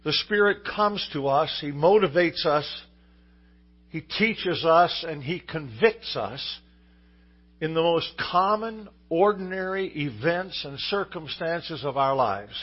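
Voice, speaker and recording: Husky preacher man telling a story. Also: fairly high pitch, lively intonation, slow, dull audio. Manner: easygoing storyteller with fillers and restarts. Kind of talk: sermon with a told joke story.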